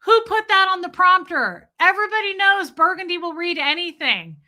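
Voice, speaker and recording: A woman putting on a shouting, exasperated male TV news boss from a film comedy. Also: extremely high pitch, lively intonation, moderate pace, voice pushed up, heavily acted. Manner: yelling in exasperation.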